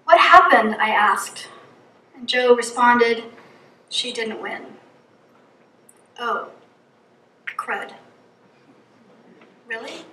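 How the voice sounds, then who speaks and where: A woman's voice: a little high, fairly even intonation, very slow, long pauses, a bit bright, roomy sound, distant mic, a little hiss or hum, rough recording. A middle-aged woman from New England gives an earnest personal reflection from a church pulpit, telling a story and reeling off long lists. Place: church hall.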